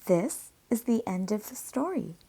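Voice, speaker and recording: A woman teacher reading a picture book aloud slowly and deliberately, pausing for comprehension questions. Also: mid-range voice, big pitch swings, creaky, dark tone, breathy edge. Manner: slow, deliberate read-aloud.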